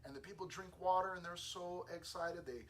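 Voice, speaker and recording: A man teaching a Bible lesson to a youth group in a casual, lively way, acting out the dialogue as he tells the story. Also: sits high, fairly quick. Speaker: youth pastor. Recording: distant mic with faint room ambience.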